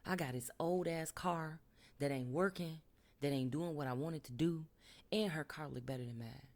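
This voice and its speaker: A woman's voice: low-pitched, moderate pace, a little mellow, voice pushed down. A woman putting on the voice of a jealous young woman who curses bluntly about her cousin. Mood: resentful. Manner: blunt, profane, slangy muttering.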